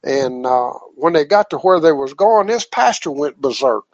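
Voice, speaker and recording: A man telling a faith testimony over the phone in a folksy, halting way, with many fillers. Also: fairly high pitch, animated, no room sound. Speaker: caller giving a testimony. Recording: muffled phone line, dry.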